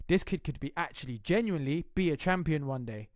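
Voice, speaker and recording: Young British man, slangy and animated vlogger, clean resonant voice. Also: fairly high pitch, a little fast, hardly any pauses, dry recording, clean studio sound. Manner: animated and slangy, swearing freely. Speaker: MMA reaction vlogger. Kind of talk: casual fight breakdown.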